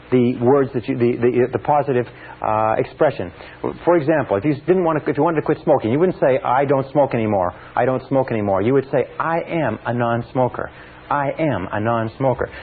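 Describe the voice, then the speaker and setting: A man giving a motivational seminar talk, emphatic, slowly repeating key phrases for effect. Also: mid-range voice, phone-quality sound, a little hiss or hum. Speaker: seminar speaker.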